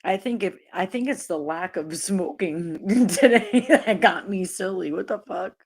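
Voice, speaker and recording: A woman's voice: on the low side, a little slow, darkish tone. A woman live-streaming, talking casually to her chat, laughing often and swearing freely. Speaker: livestreamer.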